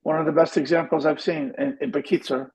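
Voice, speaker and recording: A man's voice: a little high, fairly even intonation, a little fast, gravelly, darkish tone, husky, rough recording. A man in a study session who reacts with admiring interjections and thinks aloud as he asks a question. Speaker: study partner.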